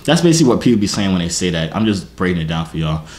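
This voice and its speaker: A man's voice: low-pitched, sing-song, rapid-fire, darkish tone, a little hiss or hum. A young man YouTuber telling a comic story to his viewers, self-mocking and slangy, breaking things down as he goes.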